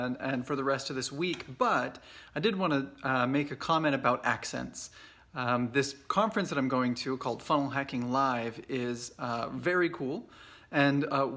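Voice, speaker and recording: A man in his forties with an American accent, giving an informal English lesson in a relaxed, chatty way full of fillers and restarts. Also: medium pitch. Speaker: English teacher. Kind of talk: casual video lesson. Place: away from home at a conference trip. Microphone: Facebook Live video.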